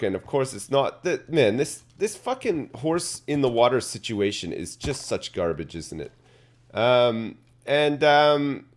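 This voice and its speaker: A man telling an absurd made-up story in a deadpan, rambling way, swearing and full of fillers, like a streamer chatting. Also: medium pitch. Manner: deadpan tall tale, swearing, lots of fillers.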